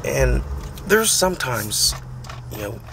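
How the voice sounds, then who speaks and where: A man's voice: medium pitch, big pitch swings, slow pace, gravelly, heavy background noise. An American man in his thirties, chatting casually and complaining in a rambling, mocking way. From United States. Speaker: vlogger. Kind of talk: casual chat.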